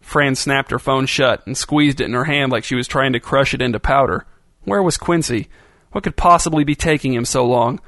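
A man narrating a novel in a steady, even storytelling voice. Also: medium pitch, fairly quick, few pauses, no echo. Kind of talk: audiobook narration.

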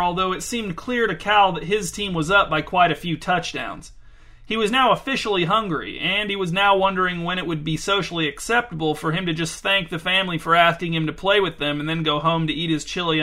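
A man's voice: on the high side, bright, forceful tone. A man reading a story aloud in a dry, wry narration. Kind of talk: scripted narration.

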